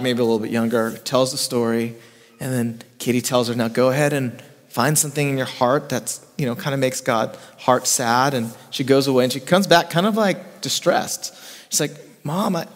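A man in middle age delivers a sermon in a fairly high voice for a man. He swings from raised, stressed lines down to quiet, hushed passages. His voice rings with the long reverb of a church hall. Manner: preaching with big swings between raised emphasis and hushed, soft passages. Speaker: pastor. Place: church sanctuary.

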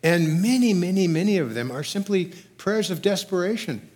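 A male pastor delivers a sermon in a church, his voice sitting a little higher than most men's. He reads scripture with rising, emphatic force and drops low for quieter stretches. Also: normal speed. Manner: expressive preaching, rising and loud when reading scripture aloud. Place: church sanctuary.

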